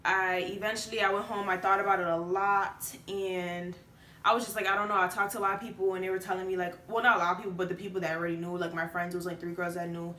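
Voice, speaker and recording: A woman's voice: fairly low pitch, little pitch movement, fast, pushed and bright, roomy sound, slight background noise. A late-teen woman telling a personal story to the camera, chatty and casual with many fillers. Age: late teens. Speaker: vlogger.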